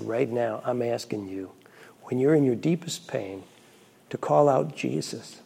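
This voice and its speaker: A Catholic priest, a middle-aged man, telling a personal story in a homily in an earnest, reflective way with quiet asides. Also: medium pitch, vocal fry, breathy edge.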